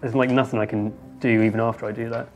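A man playing a tabletop game, reacting excitedly and asking quick questions. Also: mid-range voice, over music. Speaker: player. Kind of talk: casual tabletop play.

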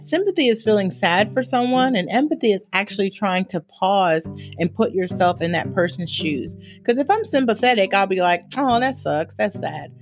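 A woman speaking as a therapist on a podcast, telling stories in a lively way and laughing often. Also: mid-range voice. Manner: animated storytelling with frequent laughter. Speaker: therapist guest. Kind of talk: podcast interview.

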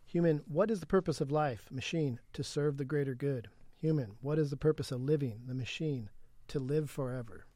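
A man's voice: medium pitch, normal speed, mellow, no echo. Man reading chat logs on a podcast. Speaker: podcast co-host reading chatbot transcripts.

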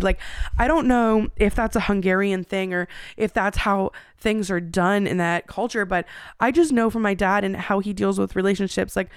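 A woman in her thirties hosts a podcast, candidly rambling through a personal story full of fillers and restarts. Her voice is medium-pitched, and the studio sound is clean with no echo.

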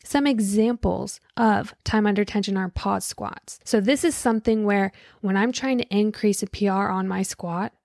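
A young woman in her office, giving casual fitness advice in an animated, chatty way, full of "like" and "dude". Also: medium pitch, normal speed, creaky, few pauses, dry recording, studio quality. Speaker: fitness creator.

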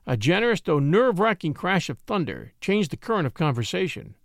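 Expressive gravelly male story narrator. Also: sits high, a little fast, no echo, clean studio sound. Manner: expressive, old-fashioned storytelling delivery.

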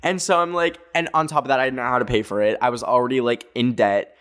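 A man in his twenties telling a story in a casual, rambling way, full of filler words, with animated pitch jumps. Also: quick pace, clean tone. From Canada. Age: 20s.

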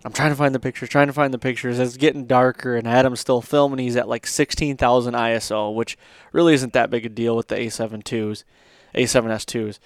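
A man's voice: mid-range voice, fairly quick, hardly any pauses, no room sound, clean studio sound. Rambling man telling a hunting story. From Michigan. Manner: rambling, animated, lots of fillers. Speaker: podcast host. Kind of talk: casual storytelling.

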